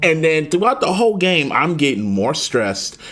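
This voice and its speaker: A man with a high voice that leaps up and down as he talks. He co-hosts a podcast in loose, casual chat, swears freely and acts out what others said in a raised voice. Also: sing-song, moderate pace, a bit bright. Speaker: podcast co-host.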